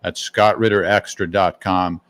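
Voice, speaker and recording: A man's voice: low voice, flat delivery, measured pace, a bit bright, clean tone, no room sound. A man hosting a casual interview, asking questions in an easygoing, conversational way. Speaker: host.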